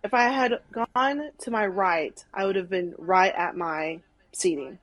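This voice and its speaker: Young woman, casual podcast guest, animated, lots of "like", mid-pitched voice. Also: measured pace, no echo, lo-fi sound. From Arkansas, USA. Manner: animated, many "like"s, acts out quotes. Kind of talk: casual storytelling chat.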